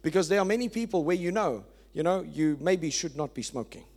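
Pastor, high voice, emphatic sermon delivery that swells and drops. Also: male voice, lively intonation, brisk. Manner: emphatic preaching, swings from loud to quiet.

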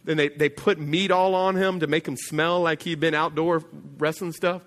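A pastor preaching a sermon in a church, telling a story conversationally and dropping to a quiet voice for emphasis. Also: male voice, on the high side, level tone, normal speed, in a large hall.

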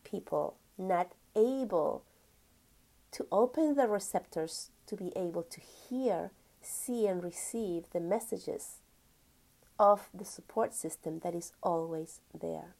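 A woman giving a spiritual teaching talk, gentle and earnest, stretching key words and sometimes dropping to a whisper. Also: lowish voice, takes it slowly, vocal fry. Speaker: spiritual teacher and energy healer.

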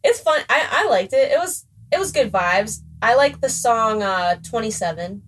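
A woman's voice: fairly high pitch, expressive, normal speed, slight background noise. A young woman chatting casually about music, often restarting her sentences and giggling. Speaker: podcast co-host. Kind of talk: casual music review chat.

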